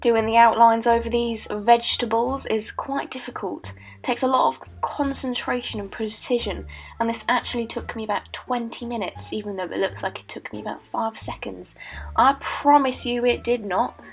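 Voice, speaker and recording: A late-teen woman narrates her painting video in a put-on Australian accent, with a playful mock-documentary tone. Her voice sits fairly high, and soft music hums underneath. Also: steady tone, normal speed, gravelly. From Britain. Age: late teens. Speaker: art student. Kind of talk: joking voice-over narration. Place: voice-over recorded at home.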